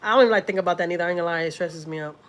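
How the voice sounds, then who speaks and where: Speaking very fast in a fairly low voice, a Southern-accented woman from Houston, Texas, livestreams casually from indoors at home. The vlogger is blunt and salty and now and then addresses her cat.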